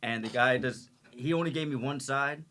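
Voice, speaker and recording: A man's voice: medium pitch, moderate pace, fairly bright tone. A man co-hosting a casual podcast chat, telling stories in a laid-back way. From Indian background.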